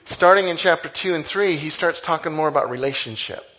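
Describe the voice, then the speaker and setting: A man preaching a conversational sermon, animated, with sudden exclamations. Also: on the high side, fairly quick. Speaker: pastor.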